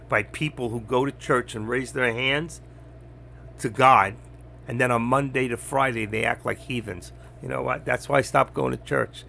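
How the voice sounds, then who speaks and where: An older man talking bluntly and rambling on a trading live stream, getting louder as he teaches. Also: mid-range voice, gravelly, slight background noise. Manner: blunt, rambling, gets loud when teaching. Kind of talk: casual live-stream talk.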